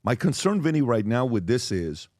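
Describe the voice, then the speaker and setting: A man's voice: mid-range voice, sing-song, normal speed, dark tone, no echo, studio quality. A man hosting a podcast panel discussion, earnest and questioning, thinking aloud. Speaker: podcast host.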